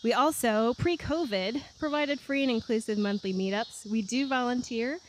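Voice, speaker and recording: A woman from New York hosting a casual podcast chat, bubbly and quick to laugh, recorded on a back deck at night. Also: on the high side, slight background noise. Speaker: podcast host.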